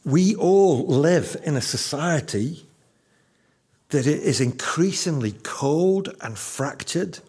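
Male pastor in his fifties, unhurried sermon delivery with emphatic repetition. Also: fairly high pitch, animated, a little mellow, slightly rough. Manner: slow, emphatic, repeats key lines.

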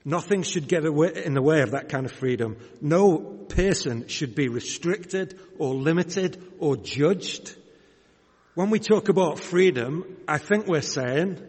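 Slow, husky Yorkshire preacher. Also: male voice, on the high side, animated, a little mellow, big-room sound. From Yorkshire, England. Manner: measured, conversational preaching with rhetorical questions. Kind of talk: sermon.

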